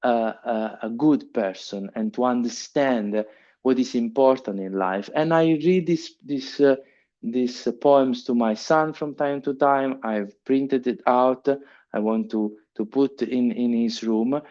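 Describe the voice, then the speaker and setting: A man's voice: mid-range voice, warm tone, lo-fi sound. Italian-accented man giving a conference lecture. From Italy. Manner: halting, many fillers and restarts. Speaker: keynote speaker. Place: conference hall.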